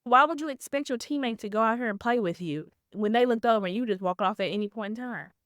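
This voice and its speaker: A woman's voice: fairly high pitch, fast, fairly bright tone, dry recording, studio quality. A woman hosting a podcast, speaking bluntly and emphatically in casual chat. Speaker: podcast host.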